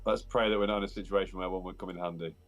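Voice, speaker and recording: Low, animated male player cracking jokes; music playing behind. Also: very fast. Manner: joking, playful banter. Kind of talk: casual chat at a game table.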